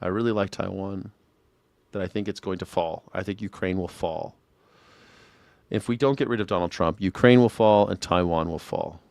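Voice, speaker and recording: A man's voice: low-pitched, normal speed, creaky, a little mellow, no room sound. A man hosting a live news reaction show, talking bluntly and sarcastically, with frequent swearing. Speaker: host.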